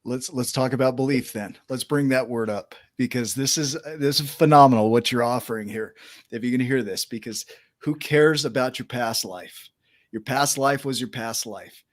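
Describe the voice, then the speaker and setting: A man's voice: mid-range voice, normal speed, no room sound. Emphatic male podcast host, dry sound. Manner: emphatic, enthusiastic, keeps asking "right?". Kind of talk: podcast interview.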